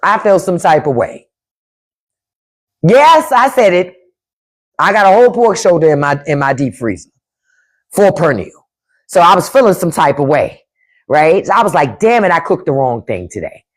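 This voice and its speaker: A woman hosts a livestream with unfiltered, profane commentary. Her voice sits on the low side but swings widely in pitch as she hammers each point home again and again. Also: lively intonation, normal speed, pauses often. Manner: emphatic, repeats points, talks to chat; profane, opinionated. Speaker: podcast host on a live stream.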